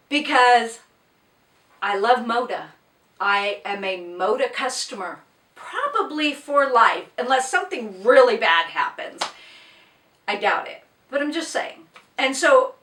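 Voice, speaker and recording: A tearful woman talks through an unboxing in a slow, unhurried way. Her voice sits a little high and breaks with gasps and exclamations. She sounds choked up but delighted. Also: pushed and bright, roomy sound, recorded from a distance. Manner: gushing, emotional, exclaims and gasps often. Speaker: book and quilting vlogger. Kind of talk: casual unboxing vlog.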